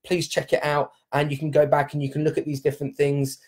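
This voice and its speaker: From home during lockdown, a man who leads a dance company hosts a live stream, addressing viewers directly with an upbeat, encouraging motivational talk. His slightly high, a little mellow voice moves fast, yet the delivery is completely flat.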